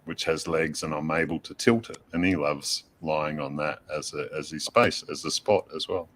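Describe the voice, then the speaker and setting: A man with a deep voice talks in a laid-back, casual chat and leans on easy fillers. He sounds unhurried and at ease. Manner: relaxed, many "you know" fillers. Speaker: host.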